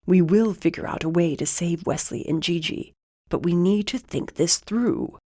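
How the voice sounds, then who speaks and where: A protective young man with a steady, firm voice, pitched a little low, as a woman narrator puts him on. He speaks urgently but keeps it level and reasoned, a calm anchor in an audiobook scene. The sound is dry and close. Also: moderate pace, no echo. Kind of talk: audiobook character voice.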